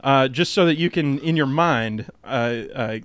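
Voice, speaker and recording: A man hosting a podcast in casual chat, often laughing and filling pauses with "uh". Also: mid-range voice, fairly bright tone, no echo. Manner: giggly, filler-heavy. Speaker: podcast host.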